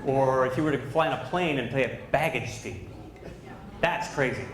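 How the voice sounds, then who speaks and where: Deadpan man doing stand-up. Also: medium pitch, background noise. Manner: deadpan, mock-instructional with punchy pauses. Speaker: stand-up comedian. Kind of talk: stand-up comedy set. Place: comedy club stage. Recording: roomy live club recording.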